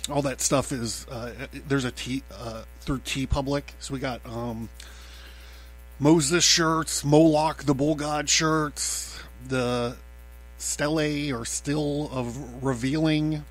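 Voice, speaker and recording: Male podcast host, mid-pitched, rambling and profane, filler-heavy, with faint music underneath. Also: fairly even intonation, slow. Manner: loose and profane, many fillers and laughs. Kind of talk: casual rambling monologue.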